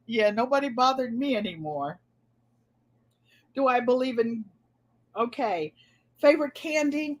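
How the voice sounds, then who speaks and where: A woman's voice: a little high, animated, measured pace, long pauses. An older woman with a New England accent, chatting casually through tag questions and telling stories with easy laughs and repeated words. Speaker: vlogger.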